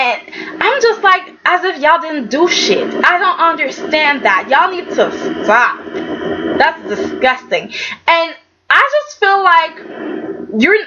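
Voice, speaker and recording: A high-pitched woman giving a chatty, opinionated recap in a sassy, blunt way. She argues with the characters as if they could hear her. The recording is dull and lo-fi, with a steady hiss of noise behind her. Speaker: soap opera reviewer. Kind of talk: casual recap and commentary.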